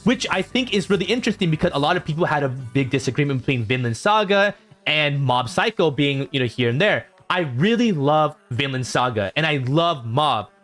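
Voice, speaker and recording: A man reacting to viewer comments in a casual vlog, reading them out and answering with animated exasperation. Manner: animated, jumps in pitch when exasperated.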